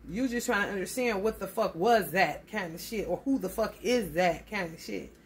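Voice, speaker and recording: A woman's voice: medium pitch, animated, normal speed, slight background noise. A woman giving a casual tarot reading, blunt and profane, calling her listeners honey. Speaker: tarot reader.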